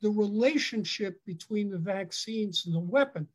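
A man answering as an expert guest in an interview, halting with many fillers but emphatic. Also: high voice, expressive, a loud crowd, poor audio. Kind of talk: interview answers over a call.

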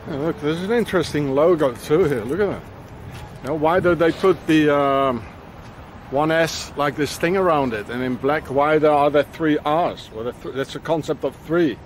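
A man's voice: on the high side, moderate pace, slight background noise. A man vlogging on a walk around town, rambling in a conspiratorial way as he points things out to a handheld camera. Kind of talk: walking commentary to camera.

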